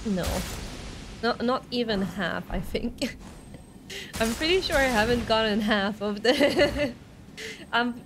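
A woman's voice: a little high, background noise. A young woman from Sweden with a Swedish accent, chatting playfully and sarcastically while streaming a game, English not her first language. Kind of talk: live gameplay commentary.

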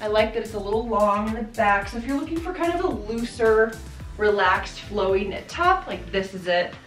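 Bubbly and often laughing, a thirty-something woman who vlogs about fashion chats casually through a try-on haul. Her mid-range voice, a bit bright, has lively intonation and a moderate pace. The recording sounds echoey, and soft music plays behind her.

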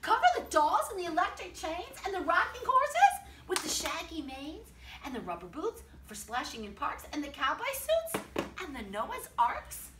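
A woman's voice: high-pitched, wildly swooping pitch, measured pace, a bit bright, a little hiss or hum, heavily acted. A woman voicing a crowd of shocked gnomes and elves, read from a children's storybook. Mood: dismayed. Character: startled chattering gnomes and elves. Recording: roomy, from a distance.

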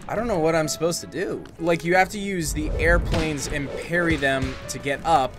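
A gaming channel host commenting dryly and sarcastically on a hard game, with crude jokes and an upbeat sign-off. The voice sits mid-pitch. Music plays clearly in the background. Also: moderate pace. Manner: dry, sarcastic, crude joking. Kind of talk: let's-play gaming commentary.

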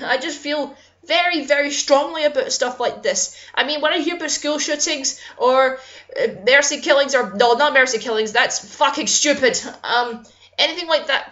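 Young woman, high-pitched, fiery and sweary vlog rant, muffled lo-fi sound. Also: fairly quick, fairly bright tone. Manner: impassioned, swearing, apologizing for getting angry. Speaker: YouTuber.

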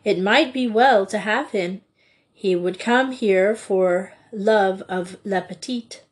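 A woman reading aloud, voicing a calm, caring French woman teacher who speaks in a measured way. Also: fairly high pitch, natural voice.

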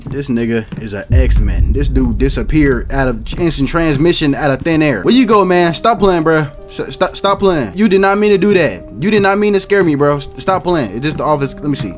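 A man's voice: a little high, fairly quick, few pauses, soft background music. A young man giving casual, slangy commentary while playing a horror game, jumpy and talking to himself. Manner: jumpy, slangy, self-talking, bursts into startled shouts. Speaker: gaming YouTuber.

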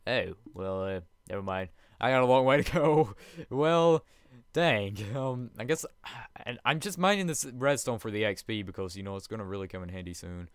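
A man's voice: fairly low pitch, moderate pace, smooth, no room sound. A young man giving rambling, casual commentary on his own gameplay, chatting with viewers and laughing often. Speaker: let's play host.

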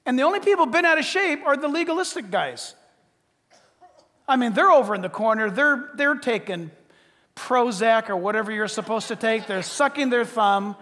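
A male pastor preaching a sermon, animated, swinging between loud exclamations and hushed asides. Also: very high-pitched, moderate pace, in a large hall.

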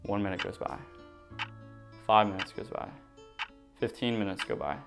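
A young man telling a storytime vlog in an animated, dramatic way. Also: on the low side, moderate pace, gravelly, over music. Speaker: vlogger.

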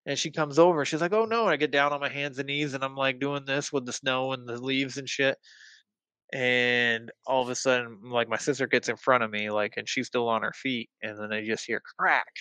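A man's voice: mid-range voice, level tone, brisk, sharp tone, clean tone, no echo. A young man telling a personal story in casual podcast chat, rambling with lots of fillers and the odd swear word. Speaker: guest.

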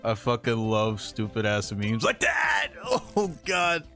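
Young male streamer, unhurried slangy game commentary, mid-pitched, faint game music underneath. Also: wildly swooping pitch, creaky. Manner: slangy and profane, laughs often, reacts loudly to in-game deaths. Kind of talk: casual gaming livestream commentary.

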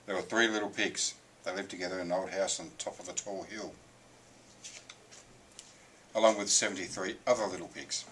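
Brief: a low, bright-voiced male storyteller, lively and expressive. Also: slight background noise, rough recording. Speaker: reader. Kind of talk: reading a picture book aloud.

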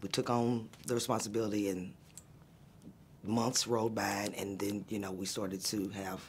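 A man's voice: fairly low pitch, level tone, normal speed, a little hiss or hum. A man speaking in a testimonial interview as a parent, heartfelt and emotional, reflective with occasional fillers. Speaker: program client and parent.

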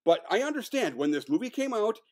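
A man co-hosting a casual film review podcast, talking with animated, profane energy. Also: sits high, a little fast. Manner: profane, animated, mocking impressions. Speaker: podcast co-host.

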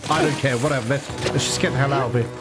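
A man's voice: mid-range voice, fairly even intonation, rapid-fire. A man giving live commentary on a video game, frustrated and swearing often. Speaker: gaming streamer. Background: game music and gunfire.

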